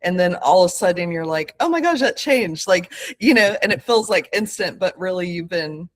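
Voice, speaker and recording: Earnest woman in her thirties, slightly low voice. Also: lively intonation, moderate pace, a little hiss or hum. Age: 30s. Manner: earnest, searching, lots of fillers and self-corrections. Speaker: podcast guest. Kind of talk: reflective conversational interview.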